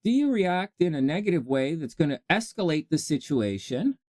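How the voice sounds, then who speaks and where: Self-help host, male, a touch high-pitched, talks in an animated, jokey way and answers himself. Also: moderate pace, no echo. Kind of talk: rambling self-help monologue.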